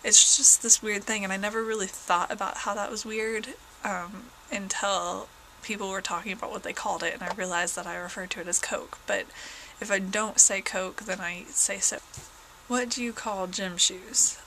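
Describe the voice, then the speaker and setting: Bright-voiced chatty young woman. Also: mid-range voice, level tone, normal speed, gravelly, slight background noise, poor audio. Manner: chatty, rambling with fillers. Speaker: vlogger. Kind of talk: casual chat.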